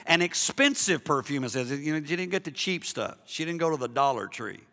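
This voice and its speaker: A man preaching a sermon in a church, animated, moving from loud emphasis to hushed softness, with jokey asides to the congregation. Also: on the high side, a little fast, long reverb tail. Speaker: pastor. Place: church sanctuary.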